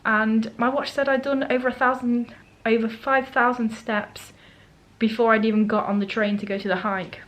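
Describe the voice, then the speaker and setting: Speaking from a holiday rental flat, this woman vlogs about her solo travels, chatting to the camera and imitating what others told her. She has a fairly high, steady voice at a moderate pace, captured in rough audio.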